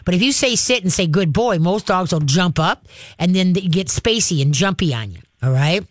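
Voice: medium pitch, lively intonation, moderate pace, no echo. Direct dog trainer hosting a call-in show. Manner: direct, practical and coaching, acts out commands to dogs. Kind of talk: call-in advice.

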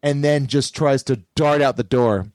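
A man's voice: mid-range voice, moderate pace, very noisy. A man telling a long story in casual podcast chat, rambling with many fillers and acting out the people in it. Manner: rambling, many fillers, acts out quoted voices.

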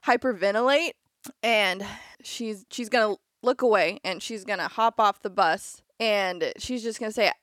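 A woman playing a tabletop game, expressive and excitable, often repeating herself. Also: medium pitch, normal speed, dry recording, clean studio sound. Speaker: player. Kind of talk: casual tabletop play.

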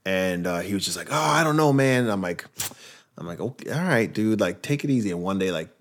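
A man hosting a podcast in casual chat, laid-back and quick to react and laugh. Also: lowish voice, expressive. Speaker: podcast host.

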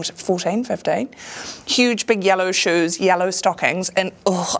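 A woman with a New Zealand accent, a comedian and actor telling casual anecdotes in an interview, acting out voices and laughing often. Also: on the low side. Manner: lively storyteller who acts out voices and laughs often.

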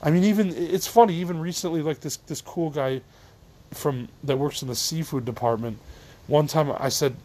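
A man's voice: a little high, moderate pace, darkish tone. A middle-aged man hosting a solo podcast, venting in a tired, rambling way, trailing off and restarting, swearing casually. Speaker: podcast host.

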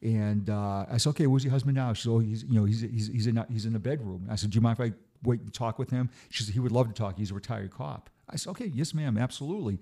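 A man's voice: mid-range voice, fast talker, hardly any pauses, dark tone. A middle-aged man, a retired police officer, telling stories in a casual chat, often stammering and repeating words. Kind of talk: casual storytelling.

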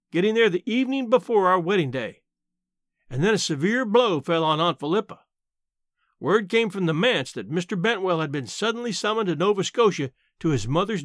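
A man narrating a first-person novel as an audiobook, with expressive storytelling delivery. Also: high-pitched, moderate pace, no room sound, studio quality.

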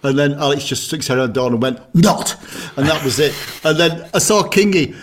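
A man's voice: a little high, lively intonation, quick pace, a little hiss or hum. A middle-aged man co-hosting a podcast, telling a funny anecdote in casual chat. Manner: jovial anecdote teller. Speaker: podcast co-host.

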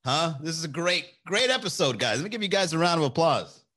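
A man's voice: a little high, a little fast, background noise. A man hosting casual chat with his viewers, giving blunt, profane, opinionated dating advice. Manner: animated, shifts voice for quotes.

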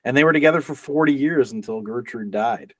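A man co-hosting a casual chat podcast, joking and rambling with restarts and quick laughs. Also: mid-range voice, no room sound. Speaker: podcast co-host.

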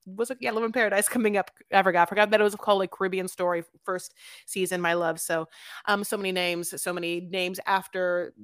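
A woman's voice: medium pitch, fairly even intonation, fast talker, clear, resonant tone, no echo. A woman co-hosting a podcast in casual chat, rambling with many fillers. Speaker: podcast co-host.

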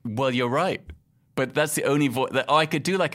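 A man's voice: medium pitch, fairly quick, fairly bright tone. A middle-aged man from London and Casablanca, chatting in an interview, a wry self-mocking storyteller who laughs often. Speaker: podcast host and guest. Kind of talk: casual interview chat.

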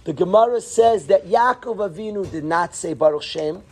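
A man's voice: sits high, moderate pace, a little mellow, slight background noise. A man teaching a Torah class to yeshiva students, earnest, calling on students by name and dropping into whispers.

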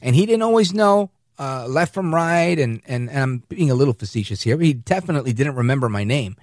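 A man's voice: medium pitch, animated, brisk, dry recording, studio quality. A middle-aged man hosting a political talk radio show, speaking emphatically and telling stories, acting out quotes as he goes. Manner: emphatic, storytelling, acts out quotes. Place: radio studio.

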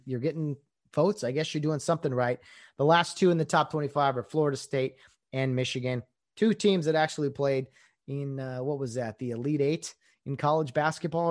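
A man's voice: mid-range voice, brisk, no room sound. A man hosting a casual solo sports podcast, rambling conversationally with lots of fillers, sounding a little out of breath with a sore voice, in a small home studio. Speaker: podcast host.

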